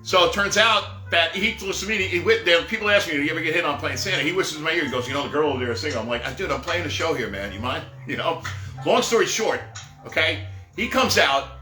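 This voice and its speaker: A man's voice: a little high, lively intonation, fairly quick, sharp tone. A middle-aged man telling rambling, jokey stories on a live stream and laughing at his own jokes, recorded in an echoey room with faint music behind. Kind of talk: casual storytelling.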